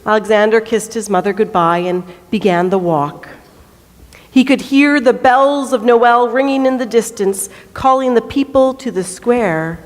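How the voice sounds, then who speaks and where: Woman storyteller, fairly high voice, slow deliberate reading, echoey church hall. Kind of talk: reading a children's story aloud.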